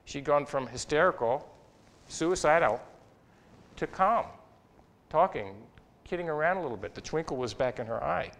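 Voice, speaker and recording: An older man, a psychology professor, telling a personal story in a talk, expressive and reflective, with small restarts. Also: moderate pace, creaky. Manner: expressive, rises and falls in pitch and loudness while recounting.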